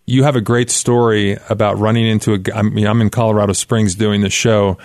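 A man's voice: fairly low pitch, flat delivery, brisk, darkish tone, no echo. Male host, friendly conversational interviewer, dry studio mic. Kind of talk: podcast interview.

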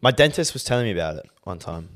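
A young man co-hosting a podcast, telling stories in lively, sweary casual chat. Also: lowish voice, fast. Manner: animated storytelling, swears freely. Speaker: podcast co-host.

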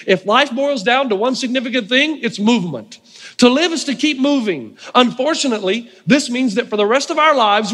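High-voiced pastor preaching in a hall. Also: male voice. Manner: animated, acts out quoted voices, laughs often. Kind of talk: storytelling sermon.

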